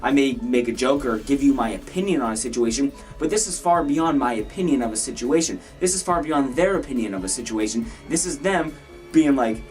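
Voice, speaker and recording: A man's voice: medium pitch, a little fast, a little mellow. A man, delivering a heated, profane rant on his channel. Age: 20s. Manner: heated, profane, repetitive ranting. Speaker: gaming YouTuber. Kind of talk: angry vlog rant. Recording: distant mic with faint music.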